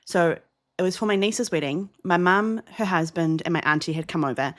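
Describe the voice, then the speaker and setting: Lively New Zealand woman telling stories. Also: fairly low pitch, normal speed. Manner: animated storyteller, acts out quoted voices. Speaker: podcast co-host. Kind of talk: casual chat, storytelling.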